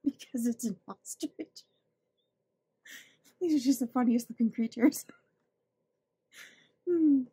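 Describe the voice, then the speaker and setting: A woman's voice: high voice, takes it slowly, pauses often, dark tone, husky. A woman hosting a budgeting channel, chatting casually and gushing as she opens her mail, laughing often. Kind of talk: casual chat opening mail.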